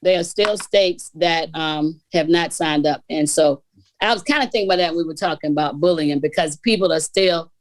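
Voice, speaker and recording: A woman co-host in a casual panel chat, telling a story in an animated way and acting out the voices she quotes. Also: deep voice, a little fast, no room sound.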